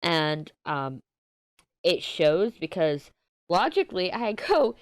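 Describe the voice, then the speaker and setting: Candid, emotional woman vlogging, smooth voice. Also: on the low side, very animated, slow pace, dry recording. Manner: candid, emotional, swearing, rambling with restarts. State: tearful, upset. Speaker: crafting channel host. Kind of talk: casual chat to camera.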